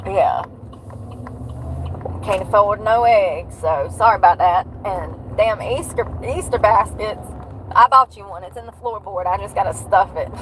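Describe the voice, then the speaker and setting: A middle-aged woman with a drawl talks casually into her phone while driving, laughing often. Her voice sits a little high. Car and road noise is clearly heard under her. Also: rough recording. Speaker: livestreamer.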